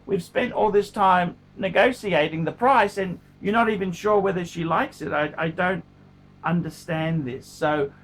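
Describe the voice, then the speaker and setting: A man's voice: high voice, measured pace, a bit bright. A middle-aged man, talking casually to camera in a blunt, profane way and often repeating himself. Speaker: watch collector vlogger.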